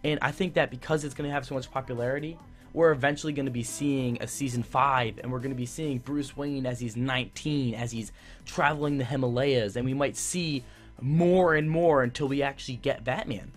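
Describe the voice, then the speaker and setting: A man's voice: mid-range voice, steady tone, brisk, soft background music. A young man giving a casual, enthusiastic TV review that rambles, with many fillers and restarts. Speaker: YouTube TV reviewer.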